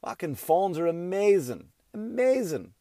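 A man's voice: high-pitched, very animated, a little slow, mellow, no echo, studio quality. Profane ranting stand-up comedian man. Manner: profane, ranting, acts out voices.

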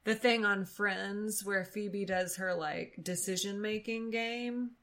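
A woman's voice: medium pitch, steady tone, slow, crowd noise. Young woman, podcast co-host, casual chat, joking, filler-heavy. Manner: chatty, joking, lots of fillers and "like". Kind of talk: casual chat recapping a reality TV episode.

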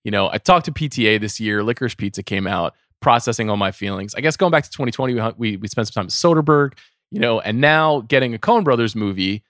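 A middle-aged man co-hosting a podcast in casual film chat, earnest and repeating words when he gets excited. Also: lowish voice, fast talker, no room sound, studio quality. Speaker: podcast co-host.

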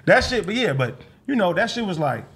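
A man with a high, very animated voice hosts a casual comedic podcast. He talks loud and jokes constantly, swearing freely. A faint noise sits under the recording. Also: brisk. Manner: loud, animated, profane and joking. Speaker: podcast host.

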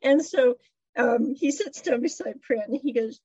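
A woman's voice: a little high, measured pace, darkish tone, breathy edge, no room sound, dull audio. A woman chattily retelling a drama episode, with giggles and side comments. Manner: chatty storyteller, giggles, asides. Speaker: drama recap vlogger. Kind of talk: casual episode recap.

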